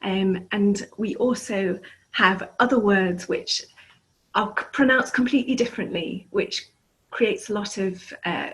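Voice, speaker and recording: English woman teaching, clear and deliberate. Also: mid-range voice, fairly bright tone, low-quality recording. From England. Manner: clear, deliberate, demonstrating word sounds. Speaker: ESL teacher. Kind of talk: explanatory teaching video.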